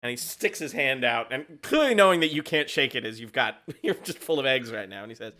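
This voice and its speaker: A man's voice: mid-range voice, lively intonation, brisk, hardly any pauses, sharp tone. A man narrating as game master of a tabletop game, loose and giggly with lots of fillers.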